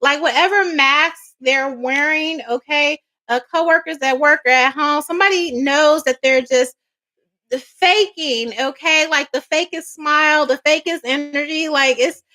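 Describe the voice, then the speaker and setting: Chatty high-voiced woman giving a psychic reading. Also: unhurried, bright, forceful tone, rough recording. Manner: chatty, rambling, slangy, frequent "okay?" check-ins; laughs often, swears casually. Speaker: psychic reader. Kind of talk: casual tarot reading to camera.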